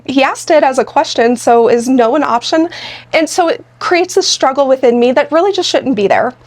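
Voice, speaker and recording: A woman's voice: high-pitched, lively intonation, normal speed, a little mellow. A woman co-hosting a podcast, talking in an earnest, explanatory way about her marriage. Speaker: podcast co-host. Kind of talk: casual conversational podcast.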